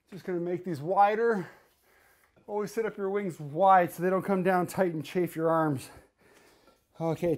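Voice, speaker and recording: A man's voice: high voice, darkish tone. A man leading a home workout as a fitness coach, giving coaching cues and counting reps while he does the exercises himself, getting out of breath during the sets.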